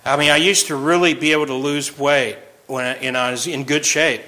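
A man's voice: medium pitch, fairly even intonation, brisk, sharp tone, rough recording. A man over forty giving an informal sermon, chatty and joking, often laughing between points. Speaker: pastor.

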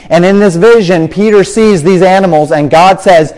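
A man's voice: a little high, lively intonation, moderate pace, few pauses, darkish tone, rough recording. A man preaching a sermon, explaining scripture and drawing out words for emphasis.

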